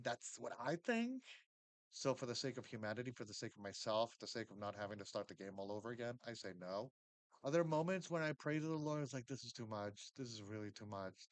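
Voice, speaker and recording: A man talks to his camera in a loose, rambling vlog, circling back and restarting his thoughts. His voice sits at a middle pitch and jumps between loud bursts and near-whispers. The sound is dry and close, with no room around it. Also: no echo, poor audio. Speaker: vlogger. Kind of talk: casual spiritual talk to camera.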